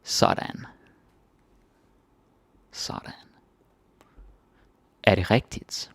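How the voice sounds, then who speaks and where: A man with a Danish accent teaching phrases in a casual lesson, repeating each phrase slowly before explaining it. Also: a bit bright, dry recording. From Denmark. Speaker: language teacher.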